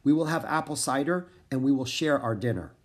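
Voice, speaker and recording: A man's voice: mid-range voice, lively intonation, a little fast, lightly acted. A man voicing a kind, motherly French farm woman in a storybook reading. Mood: gentle.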